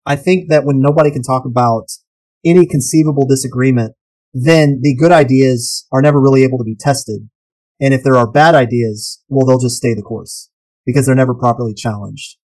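A man co-hosting a casual podcast, talking animatedly and posing rhetorical questions with sudden jumps in pitch. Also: darkish tone, low-quality recording. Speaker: podcast co-host.

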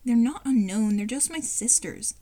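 A woman voicing a deadpan little genius girl with a flat, dry delivery. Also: a little high, normal speed.

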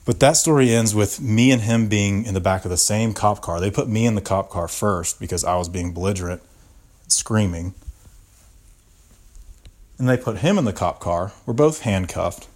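A man's voice: on the low side, normal speed. Profane young man telling a story. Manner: profane, animated anecdote telling. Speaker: podcast host. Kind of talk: casual storytelling.

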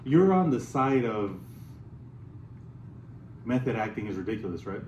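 A man's voice: mid-range voice, sing-song, a little slow, darkish tone, reverberant, highs cut off, slight background noise. A man hosting a casual podcast chat, laid-back, agreeing a lot and swearing often. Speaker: podcast host.

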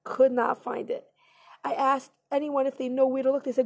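A woman's voice: sits high, little pitch movement, moderate pace, gravelly. A woman earnestly telling a personal story to the camera in an emotional, conversational way. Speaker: vlogger.

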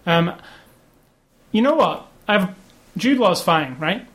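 A man co-hosting a casual movie review chat, rambling and opinionated, getting animated when he complains. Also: high voice, slow pace. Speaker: podcast co-host.

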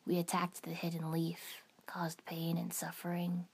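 A grave teenage boy with a rasping near-whisper, as a woman reads him aloud. He speaks slowly and earnestly, with a low, husky tone. This comes from a fan fiction audiobook reading. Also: monotone, exaggerated voice. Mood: solemn. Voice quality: raspy, hushed near-whisper.

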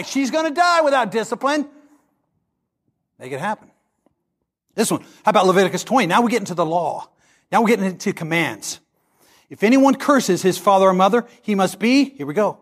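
A man preaching a sermon, animated and acting out the voices he quotes. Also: high voice, brisk. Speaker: pastor.

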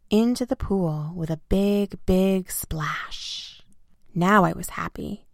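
A woman reading a children's storybook aloud in the first person, simple and expressive. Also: fairly low pitch, slow pace, gravelly, no room sound, studio quality. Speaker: narrator.

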